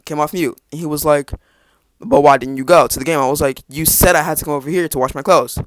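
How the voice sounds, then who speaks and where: A man's voice: fairly high pitch, steady tone, quick pace, no room sound. A teenage boy telling a rambling personal story on his podcast, with restarts and sarcastic asides. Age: teens. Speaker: podcast host. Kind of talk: casual storytelling.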